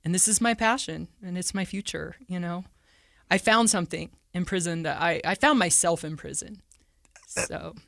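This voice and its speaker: A woman from southern Utah, a podcast guest telling her story in an open, animated way. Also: normal speed, vocal fry, no echo, studio quality. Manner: animated, acts out quoted speech with big pitch jumps. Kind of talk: candid storytelling.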